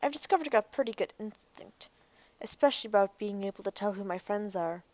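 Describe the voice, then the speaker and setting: A woman voicing an earnest, awkward young man in a storybook reading, clever and a little hurried when he explains things. The voice sits at a middle height and sounds close and dry, with no room around it. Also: mid-range voice, lively intonation, darkish tone, no echo, natural voice.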